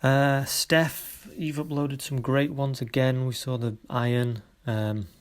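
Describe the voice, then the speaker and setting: A man leading a photography workshop, giving encouraging feedback on students' photos in a halting way with many pauses. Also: mid-range voice, flat delivery.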